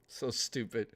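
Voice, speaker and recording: A man chatting casually on a live stream, thanking viewers and rambling into profane rants. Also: bright, forceful tone. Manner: rambling, profane, quick to rant. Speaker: livestreamer.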